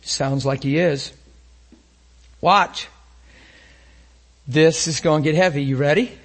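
Preaching intensely and slowly in a voice on the high side, a man swings between loud, emphatic lines and hushed near-whispers. He poses rhetorical questions to his listeners.

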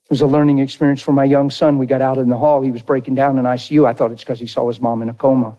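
A middle-aged man preaching a sermon through an animated, folksy personal story. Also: mid-range voice, rapid-fire, few pauses, muffled recording. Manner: animated, folksy, drawls into dramatic retellings.

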